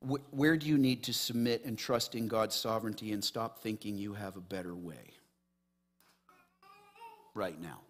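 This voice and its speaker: A man preaching a sermon in an emphatic style, swinging between loud rising passages and quiet low asides, with many rhetorical questions to the congregation. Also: normal speed, long pauses. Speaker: pastor.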